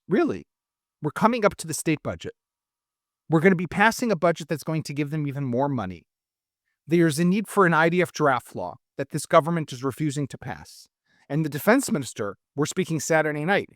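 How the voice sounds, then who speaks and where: A man's voice: on the high side, no room sound, studio quality. A middle-aged man from Israel, a guest in a heated political discussion, talking emphatically and worked up, with many restarts.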